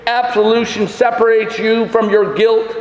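Male pastor, high-pitched voice, emphatic sermon delivery, recorded in a church with a long, roomy reverb. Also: flat delivery. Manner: emphatic preaching with dramatic pauses and rising exhortations. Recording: echoey church hall.

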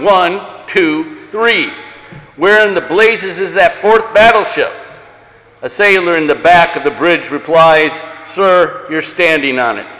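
A male pastor preaching a sermon in a deliberate cadence, slowing down to stress key words. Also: sits high, fairly bright tone, big-room sound, rough recording.

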